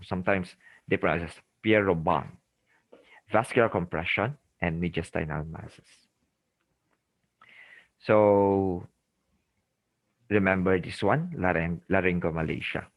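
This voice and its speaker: In a deep voice on a dry, lo-fi recording, a middle-aged Filipino lecturer who works as an ENT surgeon teaches a medical class. He has a Filipino accent, drills key terms by repeating them, and keeps asking "okay?" and saying "remember".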